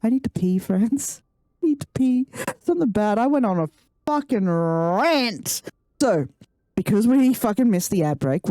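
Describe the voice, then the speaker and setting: A woman's voice: mid-range voice, mellow, no room sound, studio quality. A woman live-streaming a game, ranting and swearing in casual chat with her viewers. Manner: profane, ranting, laughing.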